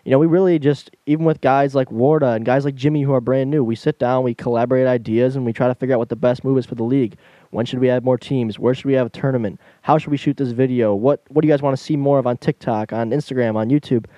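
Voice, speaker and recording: A young man co-hosting a casual podcast, talking fast and eagerly with small stumbles and restarts. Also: mid-range voice, steady tone, mellow, no echo, highs cut off. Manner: fast-talking, enthusiastic, stumbles when slowing down. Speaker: podcast co-host.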